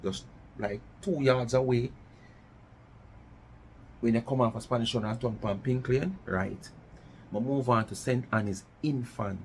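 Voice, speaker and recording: A man's voice: mid-range voice, measured pace, long pauses, darkish tone, a little hiss or hum. A middle-aged Jamaican man from West Kingston ranting in commentary, challenging listeners with repeated rhetorical questions and slipping into patois. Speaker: vlogger.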